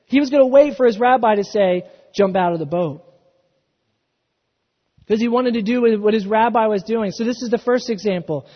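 Preaching in a church at a moderate pace, this high-pitched man speaks off his notes without a script, restarting phrases and building emphasis as he rises. The recording has a dull, echoing church-hall sound.

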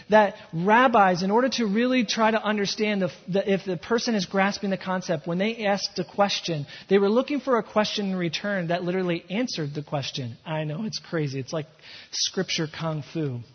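A man's voice: high-pitched, lively intonation, moderate pace, slightly rough. A man preaching a sermon as pastor, telling the scene like a story and building to impassioned emphasis. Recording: echoey hall, dull lo-fi sound.

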